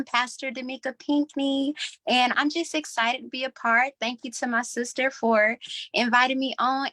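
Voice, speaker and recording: A woman in her twenties, a talk show co-host, introducing herself in a warm, grateful way. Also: fairly high pitch, dry recording. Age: 20s.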